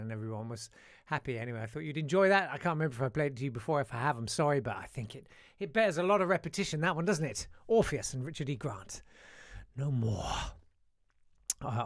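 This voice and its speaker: A man's voice: a little high, no echo, clean studio sound. Chatty male live-stream host. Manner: chatty, self-deprecating, with many fillers. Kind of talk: casual live-stream chat show.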